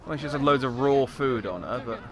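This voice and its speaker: A man's voice: mid-range voice, brisk, lo-fi sound, over music. A man giving a chatty, wry running let's play commentary, hesitating as he thinks aloud. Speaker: gaming YouTuber.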